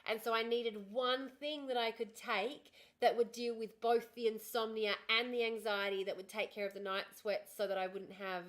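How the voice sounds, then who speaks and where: A young woman talks to her livestream viewers in a chatty, frank way, with a voice that sits a touch higher than most. She swears casually and speaks close to a desk streaming mic at home. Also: fairly even intonation, normal speed, few pauses, fairly bright tone. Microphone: desk streaming microphone.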